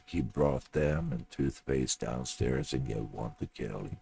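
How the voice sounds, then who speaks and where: A man reading a story aloud in a plain, steady audiobook narration, with a gravelly voice. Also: very deep voice, unhurried, a little hiss or hum.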